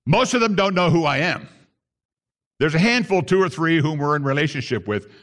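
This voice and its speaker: A man's voice: on the high side, expressive, fairly quick, fairly bright tone. A man preaching a sermon to his congregation, reading scripture and acting out the grumbling voices. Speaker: pastor.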